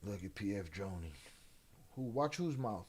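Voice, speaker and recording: A man's voice: on the low side, animated, normal speed, a little mellow, husky. A man hosting a livestream, taunting and trash-talking trolls in the chat in a drawling, streetwise way. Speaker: livestream host. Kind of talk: live-stream chat with viewers.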